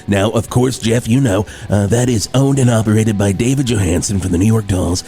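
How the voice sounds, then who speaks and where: A man's voice: lowish voice, a little fast, mellow, lightly acted. A man playing a cheesy morning rock radio host who rambles through his show patter. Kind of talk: improvised comedy.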